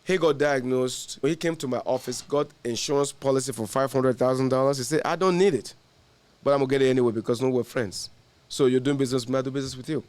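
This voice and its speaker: A man's voice: mid-range voice, quick pace, darkish tone. A man, an insurance agent, telling stories in casual podcast conversation and laughing through his punchlines.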